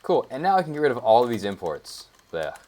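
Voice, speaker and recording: A man's voice: medium pitch, very animated, fast, a little mellow. A young man casually thinking aloud as he walks through his code in a tutorial, with lots of fillers and side remarks. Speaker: web developer. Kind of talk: casual screencast coding tutorial.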